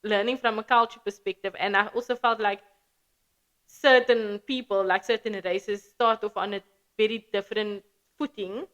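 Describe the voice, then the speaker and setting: A South African woman with a flat local accent chats casually as a podcast guest, telling stories and acting out her own past thoughts in quick quoted asides. Her pitch is medium and the audio sounds dull.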